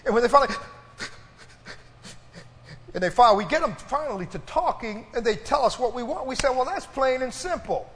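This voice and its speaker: Man, very high voice, sermon, emphatic drawn-out phrases, long church reverb. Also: lively intonation, a bit bright, slight background noise. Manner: emphatic, drawn-out phrases, calls for congregation response. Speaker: preacher.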